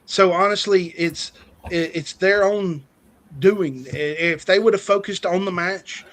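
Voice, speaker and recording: A man's voice: high-pitched, a little slow, fairly bright tone. A man cutting a boastful, taunting wrestling-style promo on a stream show, stumbling over his words when fired up.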